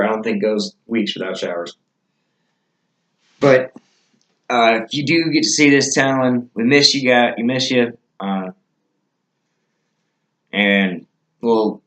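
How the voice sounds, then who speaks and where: Man, casual storytelling, rambling, mid-pitched voice, echoey room. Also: muffled recording. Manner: rambling, many fillers and restarts. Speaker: vlogger telling stories.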